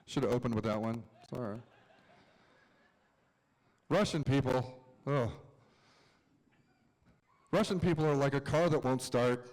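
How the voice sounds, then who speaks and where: A man doing a stand-up set on an outdoor plaza stage, with self-mocking, deadpan asides. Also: medium pitch, measured pace, pauses often, big-room sound, rough recording. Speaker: stand-up comedian.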